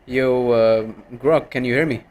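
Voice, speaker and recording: A man's voice: medium pitch, steady tone, a little slow, a little mellow. A male streamer in a casual live stream, giving orders to an AI assistant and heckling it.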